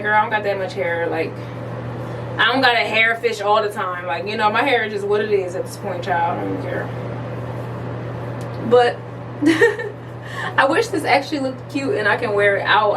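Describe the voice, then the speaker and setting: A woman's voice: mid-range voice, far from the mic, noisy background. Chatty woman vlogging from home. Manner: chatty, laughs often, drawn-out fillers. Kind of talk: casual chat to camera. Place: at home, sitting area.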